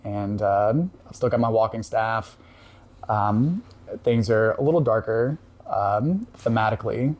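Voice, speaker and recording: Reflective man telling a story, halting. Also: lowish voice, a little mellow. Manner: reflective, halting with many fillers. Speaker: podcast guest. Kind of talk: casual storytelling.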